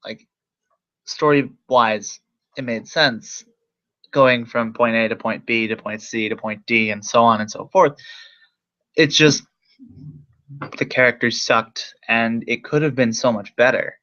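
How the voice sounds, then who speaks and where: A man's voice: medium pitch, a little slow, pauses often, sharp tone. A young man casually reviewing a movie, rambling with lots of fillers and swearing. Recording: slightly dull lo-fi mic.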